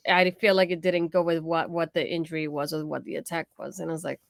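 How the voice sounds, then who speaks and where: A woman co-hosting a podcast in relaxed chat, talking with an accent and laughing often. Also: sits low, fast, vocal fry, no room sound, studio quality. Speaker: podcast co-host. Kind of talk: casual wrestling recap chat.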